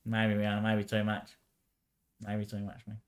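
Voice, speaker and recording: A man's voice: fairly low pitch, monotone, a little slow. Man rambling to himself on a stream. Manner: rambling, answers himself back and forth, frequent "mate" and laughs. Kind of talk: rambling solo livestream talk.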